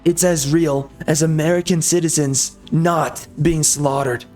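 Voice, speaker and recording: Male gameplay host, bitter sarcastic ranter, slightly high-pitched, faint game music under him. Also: steady tone, unhurried, darkish tone. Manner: angry, sarcastic, mocking. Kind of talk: ranting commentary over gameplay.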